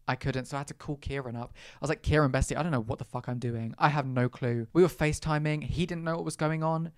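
A man's voice: medium pitch, smooth, no room sound, studio quality. A man telling a personal story as a podcast host, chatty and dramatic, with quoted asides and the odd swear word. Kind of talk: casual storytelling monologue.

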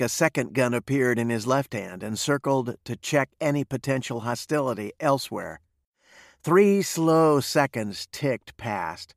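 A man reading a western novel aloud in a steady storytelling manner. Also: mid-range voice, creaky, no room sound, clean studio sound. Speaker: narrator.

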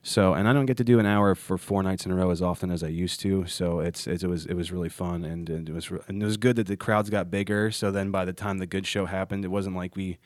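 A man's voice: deep voice, fairly even intonation, fast talker, few pauses, no echo, studio quality. A comedian hosting a casual podcast chat, rambling and restarting his sentences often. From Ohio, United States. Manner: rambling with frequent restarts and stammers. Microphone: studio mic.

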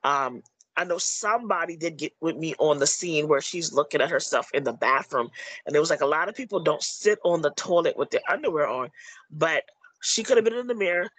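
Rambling man with a husky voice. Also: a little high, lively intonation, a little fast, a bit bright, no room sound, rough recording. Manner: rambling, full of "you know" and restarts. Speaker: filmmaker discussing his movie. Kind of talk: casual chat.

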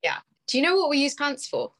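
A woman's voice: sits high, huge pitch swings, a little fast, vocal fry, fairly bright tone. Brief: chatty British woman, casual video-call conversation, laughs easily, plenty of fillers. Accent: British English. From United Kingdom.

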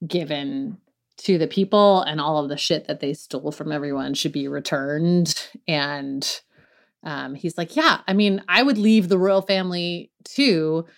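A woman co-hosting a podcast in casual chat, blunt and quick to swear. Her voice sits a little low, and she trails off into restarts as she talks. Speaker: podcast co-host.

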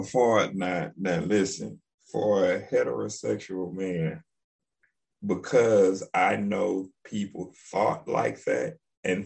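A man's voice: on the low side, gravelly, a little mellow. A man co-hosting a podcast in casual, laid-back chat. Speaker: podcast co-host.

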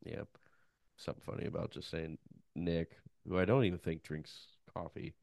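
A man co-hosting a podcast, chatting casually with deadpan jokes and asides. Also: deep voice, moderate pace, gravelly, no room sound, studio quality. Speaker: podcast co-host. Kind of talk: casual chat.

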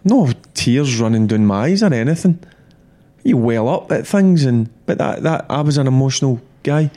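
A middle-aged man, a former player, talking football in a blunt, animated, repetitive way. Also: mid-range voice. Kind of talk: casual football chat.

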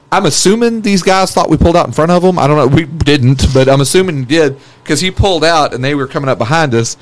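A man telling a wild story in casual chat, swearing freely and laughing as he goes. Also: mid-range voice. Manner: profane, animated, laughs through his stories.

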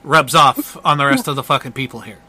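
Guy doing a digitized enforcer dude, curt and rude, quick and sharp. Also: medium pitch, voice pushed down. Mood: contemptuous. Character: curt, foul-mouthed adult male enforcer.

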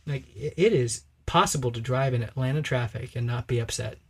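A man's voice: mid-range voice, brisk, fairly bright tone, husky. A man co-hosting a religious podcast, talking emphatically and preachily and acting out quoted voices in casual discussion. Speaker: podcast co-host.

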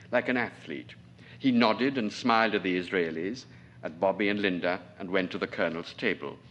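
Trinidad-born writer guy in his 40s reading his story out at a lecture, careful and precise, pitch moves a lot. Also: a bit bright. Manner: measured, precise, literary reading. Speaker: novelist, lecturer. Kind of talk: reading his own fiction aloud at a lecture.

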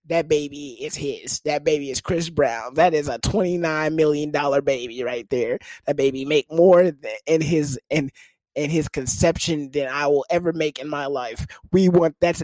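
A young man telling a comic story in casual, profane talk, with sudden jumps to high pitch for quoted people. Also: moderate pace, a little mellow, no echo.

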